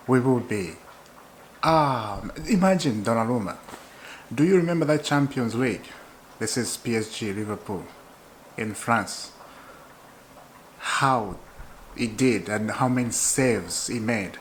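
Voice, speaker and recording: A man from Zambia, hosting his own football channel in an excitable, chatty way and laughing often. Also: medium pitch, unhurried, pauses often, a little hiss or hum, low-quality recording. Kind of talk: casual football chat to camera.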